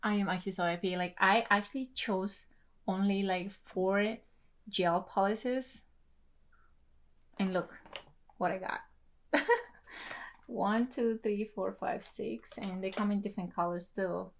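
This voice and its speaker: A young adult woman, a native Tetum speaker, chatting excitedly through an unboxing vlog with lots of gushing and laughs. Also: medium pitch, a little slow, long pauses. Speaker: beauty vlogger.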